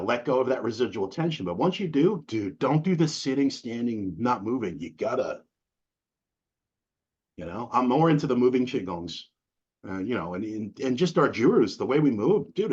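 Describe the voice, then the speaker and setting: Husky and a bit breathy at a medium pitch, a middle-aged man from New England sits for a casual interview, telling animated stories in slang and acting out what people said. The recording quality is dull and lo-fi.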